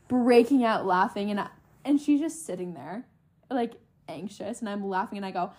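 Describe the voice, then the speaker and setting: A young woman co-hosting a casual chat podcast, telling an animated story and laughing as she goes. Her voice is husky and sits a little high. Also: moderate pace. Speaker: podcast co-host.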